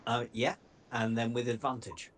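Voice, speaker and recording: A man from northern England running a tabletop game as game master, easygoing and quick to laugh. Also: medium pitch, level tone, noisy background.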